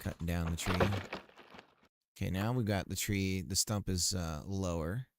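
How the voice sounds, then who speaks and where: Coding a game live, this man offers casual commentary, thinking aloud, chatting with viewers, and frequently leaving sentences unfinished. His voice sits low with fairly even intonation and a measured pace, and the recording is very noisy.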